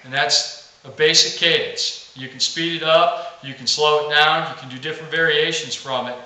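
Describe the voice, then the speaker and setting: A man's voice: fairly high pitch, fairly even intonation, moderate pace, very echoey, distant mic, very noisy. A man teaching the basics of duck calling in a plain, practical instructional video. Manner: plain, practical teaching, saying quack aloud to demonstrate.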